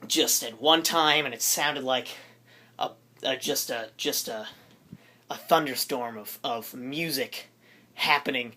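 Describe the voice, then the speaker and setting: A man's voice: medium pitch, slow pace, pushed and bright. A teenage boy rambling in a goofy, jokey way for his vlog, interrupting himself often. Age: teens. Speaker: vlogger. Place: his room.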